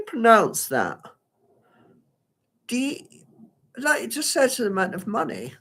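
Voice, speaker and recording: A man's voice: extremely high pitch, wildly swooping pitch, slow pace, long pauses, pushed and bright. A man giving a live solo performance at home, rambling and flustered as he talks to himself. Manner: rambling, flustered self-talk. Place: at home by a window.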